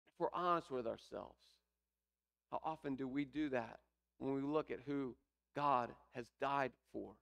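Gravelly-voiced man preaching a sermon. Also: medium pitch, unhurried, a bit bright. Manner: preaching with rising emphasis, reading scripture aloud. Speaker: pastor.

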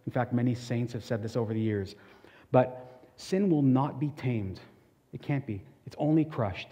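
Man, pastor, sermon; warm, relaxed voice, earnest and chatty, long hall echo. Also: mid-range voice, moderate pace. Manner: earnest, conversational preaching with frequent restarts.

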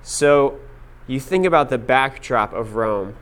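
A man's voice: mid-range voice, animated, slow, smooth. A young man preaching a casual sermon, telling stories with lots of filler words. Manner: casual storytelling with many fillers. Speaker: pastor.

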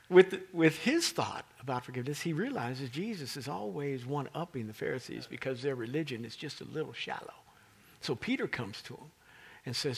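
A man's voice: mid-range voice, sing-song, normal speed, vocal fry, a bit bright. A male pastor preaching a sermon as a dramatic storyteller, often dropping into whispers for emphasis.

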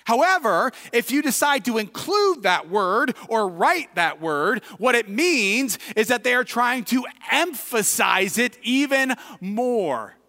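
A male pastor with a Midwestern American accent preaching a sermon, moving from quiet reflection to shouted emphasis. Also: extremely high pitch, sing-song, slow pace, hardly any pauses. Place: church sanctuary. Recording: reverberant hall, distant at times.

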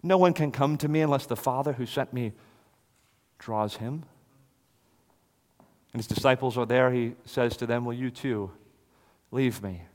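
Male preacher, mid-pitched, dramatic loud-soft delivery, long hall reverb. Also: a little slow, long pauses. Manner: dramatic swings from loud to hushed. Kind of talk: expository sermon.

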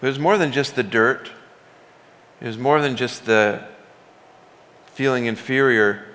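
Guy preaching a sermon, mid pitch, chatty but emphatic, long reverb like a big church. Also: unhurried, a bit bright. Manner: conversational, emphatic, paraphrasing scripture in his own words. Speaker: pastor.

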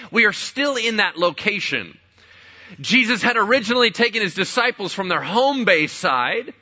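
A man's voice: sits high, sharp tone, lo-fi sound. A man preaching a sermon as pastor, conversational, with rhetorical questions and playful asides.

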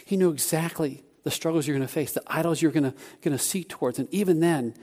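A man preaching a sermon, telling a personal story in an animated way with many restarts. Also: a little high, quick pace.

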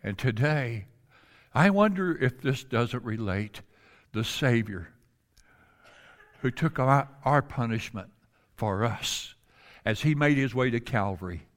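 A man preaching a sermon through a story, his voice pitched in the middle of the male range. He pushes some lines out loudly and drops others to a near hush for drama. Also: expressive, slow, long pauses. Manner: dramatic, swings between loud and hushed.

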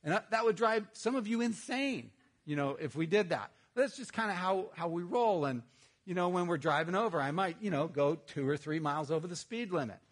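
A middle-aged man, a pastor, preaching a sermon in a conversational, humorous storytelling manner with lively outbursts. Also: high voice, fairly quick.

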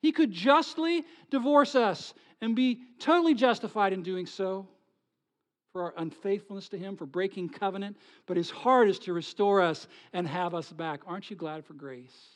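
High-voiced pastor preaching with dramatic swings. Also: male voice, normal speed. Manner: dramatic swings from soft whispers to loud pleading; asks the congregation rhetorical questions. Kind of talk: sermon.

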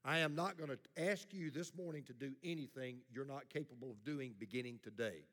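A man's voice: medium pitch, a little fast, a bit bright. A middle-aged male pastor preaching a sermon in a blunt, plain-spoken way, leading the congregation in call-and-response. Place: church sanctuary. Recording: long hall reverb.

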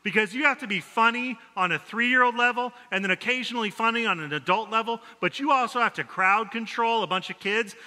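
Bright-voiced storytelling pastor in a hall. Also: male voice, sits high. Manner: storytelling, self-deprecating humor. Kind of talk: conversational sermon with stories. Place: church sanctuary. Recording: long hall reverb.

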